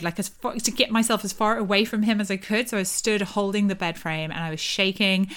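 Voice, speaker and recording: Lower-voiced woman telling a story. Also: a bit bright, smooth. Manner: vivid, breathless retelling with restarts. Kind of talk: personal storytelling to camera.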